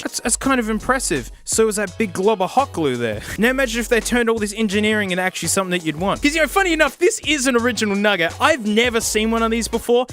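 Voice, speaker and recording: An excitable, sarcastic man reviewing a gadget in a casual vlog, often laughing and exclaiming. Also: high-pitched, fast, hardly any pauses, faint music behind.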